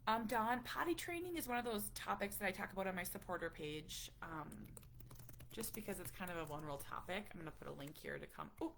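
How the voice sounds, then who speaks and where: A woman's voice: medium pitch, lively intonation, fast, a little hiss or hum. A woman in her thirties, a parent chatting candidly and emotionally with viewers on a live stream. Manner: candid, emotional, softly confiding. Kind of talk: casual live-stream chat.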